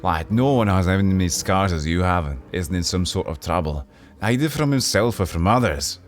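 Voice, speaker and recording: A man's voice: low voice, expressive, normal speed, soft background music. A man voicing a friendly old retired male city guard with a Scottish accent, chatty and folksy in an old-timey way. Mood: jovial.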